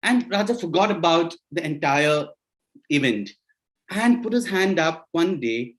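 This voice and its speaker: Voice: mid-range voice, animated, measured pace, fairly bright tone. A speaker telling a folk tale over a video call, playful and repetitive, talking straight to the listeners. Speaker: storyteller. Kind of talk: storytelling to an online audience.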